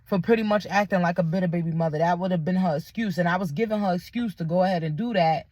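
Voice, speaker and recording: A woman's voice: fairly low pitch, fast talker, darkish tone, no echo, clean studio sound. A young woman, candidly retelling a personal story in a vlog, with lots of quoted dialogue and blunt language.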